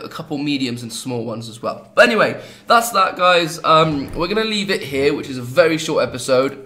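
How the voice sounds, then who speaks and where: A man's voice: medium pitch, pushed and bright. A young man from England with an English accent, chatting casually and rambling with jokey asides as he hosts a gaming video. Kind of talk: casual gameplay commentary.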